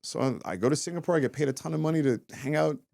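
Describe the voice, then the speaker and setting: A man in his thirties, a former fighter turned comedian, chatting as a guest and telling animated stories full of swearing and acted-out quotes. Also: fairly high pitch, racing, creaky, no room sound. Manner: animated storytelling, acts out quotes, swears often. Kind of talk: casual interview chat.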